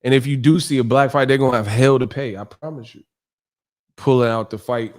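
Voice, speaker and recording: Male boxing streamer, animated, sarcastic, profane. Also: mid-range voice, brisk. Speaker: boxing live-stream host. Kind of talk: profane live commentary.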